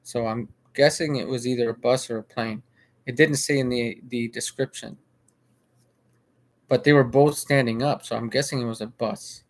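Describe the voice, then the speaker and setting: A man with a medium-pitched voice and fairly even intonation talks at a moderate pace. He's a vlogger loosely describing a video he watched, frequently restarting sentences, repeating himself, and leaning on filler.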